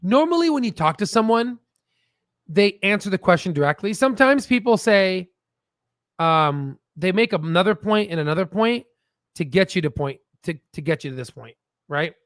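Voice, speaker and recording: A man hosting a casual stock market livestream, animated and swearing, with stammering restarts. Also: high voice, normal speed, no echo, studio quality.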